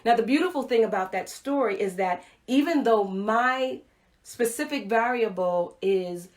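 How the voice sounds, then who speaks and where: A middle-aged woman giving a motivational livestream talk, telling a personal story with animated acted-out dialogue. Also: a little high, measured pace. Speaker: motivational speaker. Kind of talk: Facebook Live talk to viewers.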